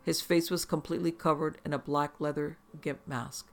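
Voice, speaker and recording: A man's voice: on the high side, little pitch movement, normal speed, creaky, a bit bright, soft background music. A man narrating a first-person horror story in an intense, profane, vivid way.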